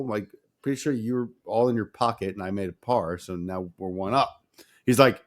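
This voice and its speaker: Man, casual podcast co-host, animated storyteller, swears freely. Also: medium pitch, fairly quick. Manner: animated, swearing, acts out dialogue.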